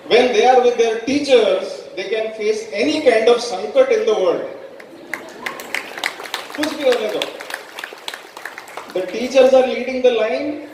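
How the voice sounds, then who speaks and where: A man with an Indian English accent, a doctor speaking at a school meeting, slipping Hindi phrases into a lively address. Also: very high-pitched, moderate pace, long pauses, a faint crowd, a little hiss or hum. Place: large school hall. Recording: echoey hall heard from a distance.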